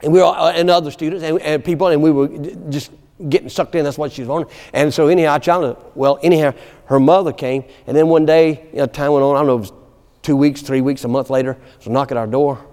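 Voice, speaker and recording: Slightly high-pitched and quick, a man delivers a sermon in a folksy, storytelling style. He stays animated, drops in laughing asides, and keeps calling "amen," with the sound echoing through a long hall reverb.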